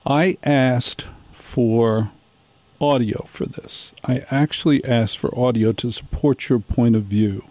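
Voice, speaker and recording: A man hosting a radio show, telling a comic story in an animated way and acting out the people in it. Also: mid-range voice, slow pace, no room sound. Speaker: radio host. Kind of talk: comedic radio monologue.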